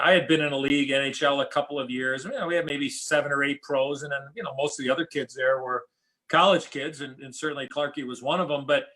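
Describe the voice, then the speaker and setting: Guesting on a podcast, a former hockey player from the United States, middle-aged, spins casual stories full of fillers and false starts. He speaks in a fairly high, pushed and bright voice.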